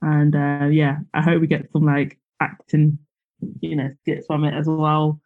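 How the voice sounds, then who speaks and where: A woman's voice: low-pitched, monotone, a little slow, narrow, tinny audio. Chatty woman, light laughs. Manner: chatty, laughs often, many fillers. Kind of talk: casual chat.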